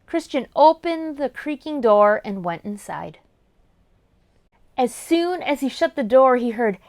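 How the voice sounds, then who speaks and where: Woman, story time host, children's book read-aloud, high lively voice, slow. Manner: expressive, storytelling.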